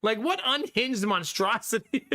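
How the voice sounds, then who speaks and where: His voice sits high and sounds bright and forceful, with a slightly slow delivery. It's a casual live-stream chat from a man in Ohio, USA, who laughs and jokes with viewers through a studio condenser mic.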